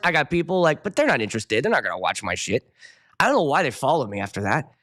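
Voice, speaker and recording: A man's voice: on the high side, fairly bright tone. A middle-aged man, a wedding DJ hosting his own show, ranting casually and profanely while chatting with viewers. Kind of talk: casual ranting livestream chat.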